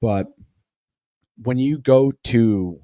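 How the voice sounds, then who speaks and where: A man's voice: medium pitch, extremely slow, mellow, no room sound. A man hosting a podcast, telling rambling, profane stories full of tangents. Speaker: podcast host. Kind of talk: casual storytelling.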